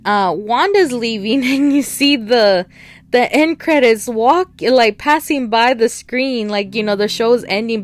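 Chatty woman recapping a TV episode. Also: on the high side. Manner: chatty and rambling, acts out characters' lines. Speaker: TV show reviewer. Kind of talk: casual recap and review.

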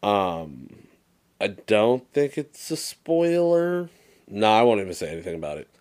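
A young man with a very low voice co-hosts a casual podcast. He tells stories with animated energy, swears freely and slips into quoted movie lines. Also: measured pace. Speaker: podcast co-host. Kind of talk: casual chat.

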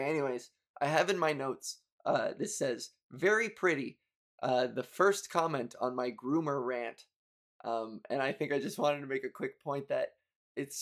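A man's voice: medium pitch, fairly bright tone. A young man hosting a podcast, rambling through a story in a profane, self-mocking way with bursts of exasperation. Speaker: podcast host. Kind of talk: casual podcast monologue.

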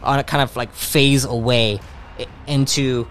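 A man's voice: medium pitch, steady tone, fairly bright tone, slight background noise. A man narrating a tabletop role-playing game as game master, stumbling and restarting his sentences. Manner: halting, many restarts.

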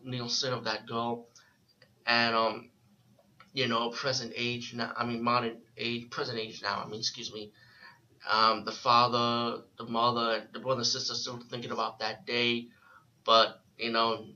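A man's voice: mid-range voice, sharp tone. A man giving a casual, rambling spoken movie review, often restarting his sentences and using filler words. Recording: dull lo-fi recording.

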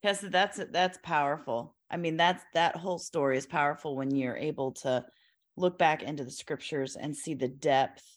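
A woman's voice: deep voice, normal speed. A woman guest on a podcast, talking earnestly about scripture and leaning on her key words. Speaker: Bible teacher guest. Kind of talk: reflective faith discussion.

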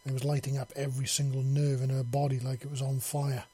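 A man narrating an audiobook story in a steady storytelling manner. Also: mid-range voice, fast, breathy edge.

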